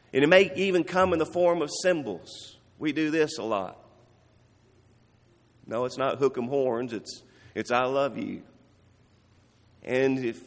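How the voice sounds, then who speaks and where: A male pastor giving an earnest sermon, slowing down and softening to stress key phrases. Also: medium pitch, long reverb tail. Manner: earnest, warm preaching with soft, slowed emphasis on key phrases.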